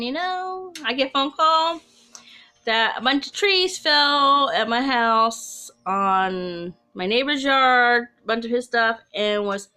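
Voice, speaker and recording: Bright-voiced woman telling a rambling story. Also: on the high side, smooth. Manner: rambling, chatty, with frequent restarts and asides. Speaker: storyteller of personal ghost stories. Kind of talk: casual storytelling to camera.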